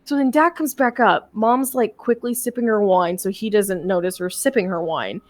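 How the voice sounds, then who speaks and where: A woman's voice: medium pitch, normal speed, dry recording. Rambling, foul-mouthed young woman streamer. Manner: rambling, profane, with frequent restarts. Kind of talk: casual storytelling chat.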